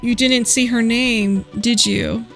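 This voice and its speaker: A woman reading out the lines of a smug, mysterious male hacker from a video game, in a calm, deliberate way. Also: fairly high pitch, creaky, faint music behind, exaggerated voice. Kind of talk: reading game dialogue aloud.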